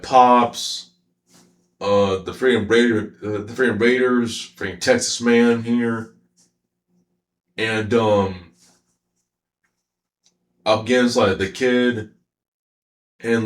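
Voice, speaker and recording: A man's voice: medium pitch, echoey room. A man giving a casual, rambling anime commentary, slangy with many fillers and frequent laughter. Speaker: anime reviewer.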